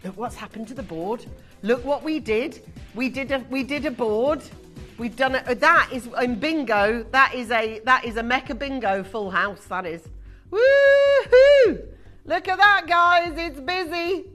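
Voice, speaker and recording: A British woman presenting live shopping TV, chatty, excitable and self-mocking as she sells. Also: a little high, moderate pace, faint music behind. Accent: British English. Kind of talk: live TV selling. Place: TV studio.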